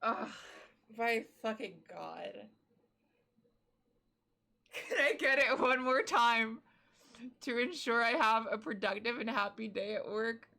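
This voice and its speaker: A woman's voice: on the high side, slow, creaky, long pauses, pushed and bright. A woman streamer chatting casually, laughing often, swearing and exclaiming, breathless from laughing. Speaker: live streamer.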